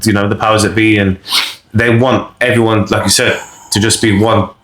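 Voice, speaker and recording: A man's voice: fairly low pitch, level tone, normal speed, a bit bright, reverberant, slight background noise, poor audio. A man chatting as a podcast guest, rambling and agreeing. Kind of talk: casual chat.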